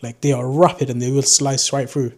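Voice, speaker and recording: A young man with a Geordie accent that slides toward southern English. He talks at an ordinary middle pitch in a loose, rambling, self-mocking way, chatting to his viewers indoors. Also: flat delivery, a little fast. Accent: Geordie mixed with southern English. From North East England. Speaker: drone vlogger. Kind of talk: casual unscripted chat to camera.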